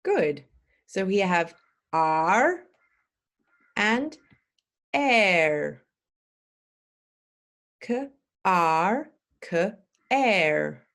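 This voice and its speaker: A woman's voice: mid-range voice, very animated, drawn-out words, long pauses, fairly bright tone. A woman teaching English pronunciation, spelling sounds out and prompting the listener to repeat them. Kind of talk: slow drilled pronunciation lesson.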